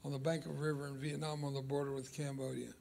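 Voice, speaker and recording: A man's voice: mid-range voice, flat delivery, vocal fry, darkish tone. Older man preaching a fervent sermon. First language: Spanish. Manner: emphatic, dramatic pauses, stretches key words.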